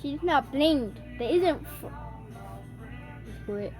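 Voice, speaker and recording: High, excitable woman reacting to a horror film. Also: slow, faint music behind. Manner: excitable, jumpy, loud startled exclamations. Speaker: video reactor. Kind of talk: casual reaction commentary.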